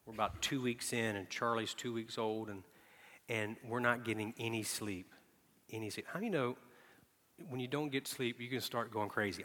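A man preaching a sermon, telling personal stories and dropping from hushed, soft asides to loud, emphatic bursts. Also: mid-range voice, steady tone, normal speed. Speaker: pastor. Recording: long reverb of a large hall.

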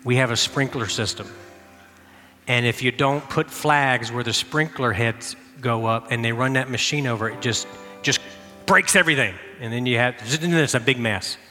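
Man, middle-aged, pastor, sermon, very bright voice, long hall echo. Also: mid-range voice, moderate pace. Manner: animated storytelling, shouting in reenactments, dropping to quiet prayer. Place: church sanctuary. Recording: long hall reverb with faint music.

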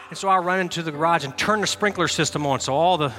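A middle-aged man pastor preaching a sermon, telling a lively personal story with shouted bursts and then easing into quiet prayer. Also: a little high, fast, hardly any pauses. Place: church sanctuary. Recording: long hall reverb with faint music.

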